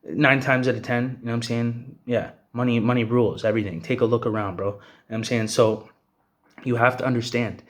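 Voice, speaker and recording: A man's voice: medium pitch, fairly even intonation, brisk. An angry young man from Canada, ranting bluntly and profanely to the camera and tossing in "bro" and "you know what I'm saying". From Hamilton, Ontario, Canada. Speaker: vlogger. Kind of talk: angry personal rant to camera.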